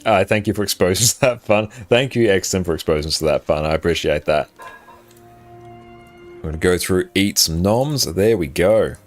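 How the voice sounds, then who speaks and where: A man's voice: low voice, normal speed, soft background music. An Australian man from South Australia, chatting casually with his viewers while he plays a game, reading out their questions and laughing easily. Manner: relaxed, chatty, reads out chat and laughs easily. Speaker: live streamer. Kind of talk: casual chat while gaming. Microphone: desk microphone.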